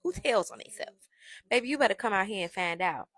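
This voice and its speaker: A woman's voice: mid-range voice, fairly quick, no room sound. Brash, profane young woman telling a story. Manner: brash, profane, animated gossip. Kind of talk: casual storytime monologue.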